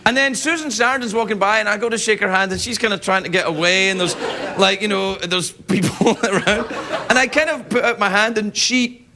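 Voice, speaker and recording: A middle-aged man hosting a late-night talk show, telling comic stories in an animated way and slipping into other people's voices. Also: high-pitched, brisk. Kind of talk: late-night comedy monologue. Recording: studio audience laughter and loud noise behind.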